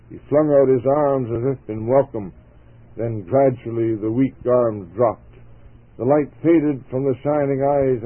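A male radio preacher reads a moral story in an earnest, measured way. His voice sits at an ordinary mid pitch. The sound is narrow and tinny, like an old phone-line broadcast. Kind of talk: story reading with a sermon appeal.

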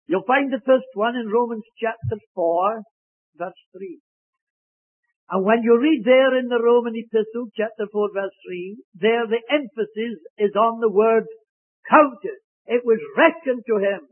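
A man preaching a sermon, slow and emphatic, stressing key words. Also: extremely high pitch, fairly even intonation, dry recording. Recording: dry, tinny phone-like sound.

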